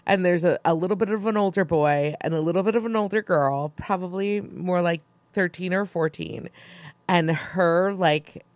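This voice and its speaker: Woman co-host, lower voice, rambling casual talker. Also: moderate pace, dry recording. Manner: chatty, rambling, many fillers. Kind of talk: casual chat.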